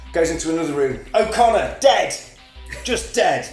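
A man co-hosting a casual podcast, retelling a film plot with animated storytelling and acted-out lines. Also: fairly high pitch, normal speed, roomy sound, soft background music. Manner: animated storytelling, acting out lines, frequent laughs. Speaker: podcast co-host. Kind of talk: casual film recap chat.

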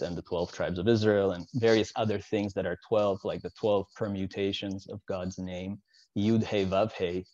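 Low-voiced male teacher, casual lecture. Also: darkish tone, no room sound, highs cut off. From Soviet Union. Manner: explanatory, with frequent asides and "right?" check-ins.

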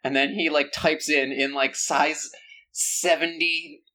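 A man's voice: fairly high pitch, level tone, slow, pushed and bright. A man co-hosting a podcast, joking through a casual movie recap and acting out scenes in silly voices. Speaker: podcast co-host.

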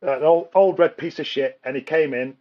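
A man hosting a casual podcast chat, telling animated stories, acting out other drivers and laughing often. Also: fairly high pitch, brisk, lo-fi sound. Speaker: podcast host.

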